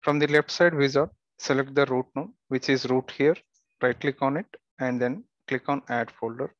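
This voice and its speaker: Man giving a plain step-by-step software walkthrough. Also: medium pitch, moderate pace, no echo, lo-fi sound. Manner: steady step-by-step instructions with occasional fillers and restarts. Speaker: software tutorial instructor. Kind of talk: screen-recorded software tutorial.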